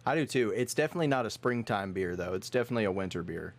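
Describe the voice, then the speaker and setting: A man hosting a casual beer tasting chat, joking and easily excited. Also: lowish voice, rapid-fire, a little hiss or hum. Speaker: host.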